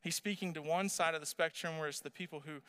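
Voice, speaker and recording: A man in his thirties preaching a sermon, telling a family story with animated energy and asking the audience questions. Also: a little high, fast talker, clear, resonant tone. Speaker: pastor.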